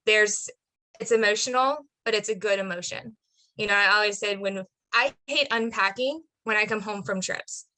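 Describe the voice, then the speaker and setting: A woman's voice: medium pitch, moderate pace, bright, forceful tone, poor audio. A woman parent sharing a heartfelt personal testimony on a webinar video call. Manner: heartfelt, earnest. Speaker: parent participant.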